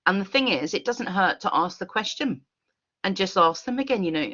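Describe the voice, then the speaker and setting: A woman runs an online workshop in an expressive, earnest way. Her voice is bright and sits at a middle pitch. The sound is dull and lo-fi, as on a video call. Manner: expressive, earnest, with quick laughs. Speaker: workshop facilitator.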